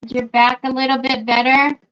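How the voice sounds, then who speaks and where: A middle-aged woman chats as she crafts live, greeting viewers by name and saying "y'all." Her voice is bright and a little high, and she talks at an unhurried pace. The livestream audio sounds dull and lo-fi. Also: level tone, smooth. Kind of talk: casual chat while crafting live.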